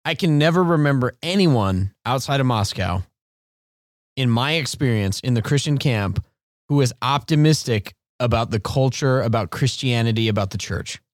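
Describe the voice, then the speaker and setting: Male co-host, late thirties, mid-pitched and reflective, dry recording. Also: lively intonation, normal speed, no echo. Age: 30s. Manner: reflective, conversational, with some repeated words. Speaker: podcast co-host. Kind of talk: casual discussion.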